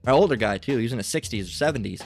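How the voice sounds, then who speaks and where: A man's voice: medium pitch, expressive, very fast, gravelly. A man hosting a commentary channel, ranting angrily and swearing constantly as he reacts to a clip. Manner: profane, ranting, restarts often. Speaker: channel host. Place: lives in Las Vegas.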